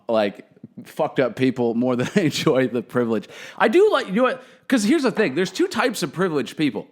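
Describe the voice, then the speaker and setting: A young man telling profane, animated stories as a podcast host, swinging between loud outbursts and muttered asides. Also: on the high side. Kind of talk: casual comedic storytelling.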